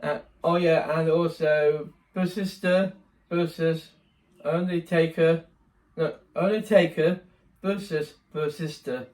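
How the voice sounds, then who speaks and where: A man's voice: fairly high pitch, steady tone, takes it slowly, a little mellow. A young man chatting casually in a vlog, rambling, correcting himself and laughing often. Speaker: vlogger.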